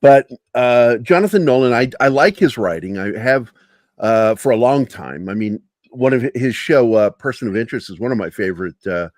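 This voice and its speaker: A man's voice: mid-range voice, animated, moderate pace, darkish tone, dry recording, clean studio sound. A man talking as a guest in a casual chat. He rambles, laughs often and swears freely.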